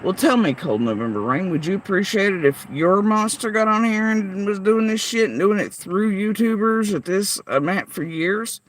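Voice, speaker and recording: A woman's voice: medium pitch, normal speed, hardly any pauses. A woman vlogger in a heated livestream rant, cursing freely and firing confrontational rhetorical questions at her chat.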